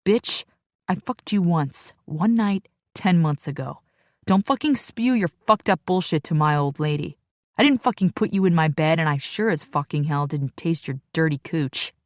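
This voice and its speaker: Woman narrator doing male biker, gruff, profane, commanding, dry close sound. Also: a little high, a little fast, dry recording, close to an everyday voice. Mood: angry. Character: gruff protective male biker, crude and blunt.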